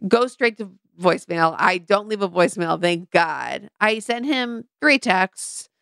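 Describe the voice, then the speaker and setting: A woman's voice: fairly low pitch, animated, a little slow, vocal fry, a bit bright, smooth, no room sound, studio quality. A young adult woman co-hosting a podcast, telling a candid, self-mocking story in casual chat, with plenty of fillers. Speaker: podcast co-host.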